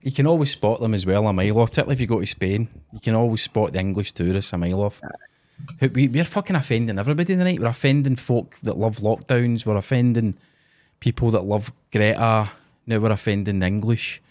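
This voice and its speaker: A man's voice: lowish voice, fast, a little mellow. A Scottish man hosting a casual podcast chat, blunt and sweary. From Scotland. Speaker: podcast host.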